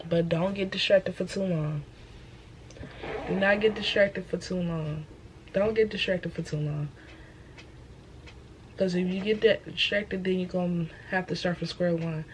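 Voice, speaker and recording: A woman's voice: lowish voice, slight background noise, poor audio. A young woman host, talking about her faith in an emphatic, preachy way and repeating her phrases. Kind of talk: casual faith talk.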